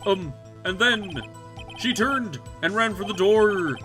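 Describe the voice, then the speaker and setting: A man's voice: sits high, slow pace, bright, forceful tone, pitched above the performer's own voice, full character voice. A man voicing a flustered, pompous male witness who stammers nervously, with game music underneath.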